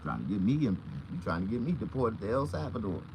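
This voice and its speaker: A man, a comedian, telling profane comic stories in an animated, loud way from inside a vehicle. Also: on the low side, brisk, a little hiss or hum, rough recording. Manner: loud, animated, acts out voices.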